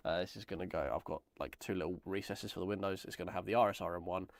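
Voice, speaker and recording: Croaky hoarse man streaming. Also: deep voice, steady tone, quick pace, no room sound. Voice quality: croaky, gravelly. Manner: rambling, self-deprecating. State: hoarse from a chest infection. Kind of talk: casual live-stream chat while building.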